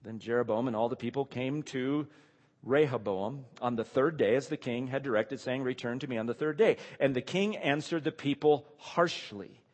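A man's voice: mid-range voice, moderate pace. A man preaching a sermon, reading scripture verses aloud and then stopping to ask the listeners pointed rhetorical questions. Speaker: pastor. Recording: long reverb of a large hall.

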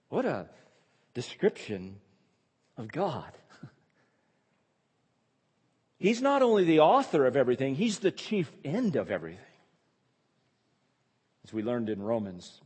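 A man's voice: on the high side, very animated, unhurried, pauses often, breathy edge, in a large hall. A male pastor preaching a sermon, emphatic and repeating key phrases for stress.

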